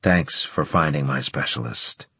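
A man voicing a calm, weary male commander who speaks in a quiet, restrained way. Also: very deep voice, measured pace, vocal fry, breathy edge, no echo, pitched below the performer's own voice, heavily acted.

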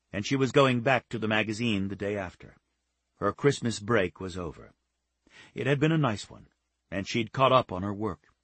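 A man reading a novel aloud as an audiobook narrator, calm and even. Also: on the low side, breathy edge, no room sound. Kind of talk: scripted narration.

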